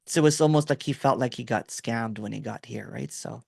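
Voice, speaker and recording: A man's voice: mid-range voice, fairly quick, creaky, husky, no echo, studio quality. A middle-aged man from the Philippines with a Filipino accent, rambling through a story in casual video-call chat with lots of fillers and "right?". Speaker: host.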